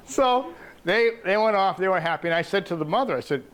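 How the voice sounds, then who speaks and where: A man's voice: high-pitched, expressive, a little fast, a bit bright. Older Maine man telling stories. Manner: folksy anecdotal storytelling, acts out quoted voices. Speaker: author giving a library talk. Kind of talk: storytelling talk. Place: public library talk room.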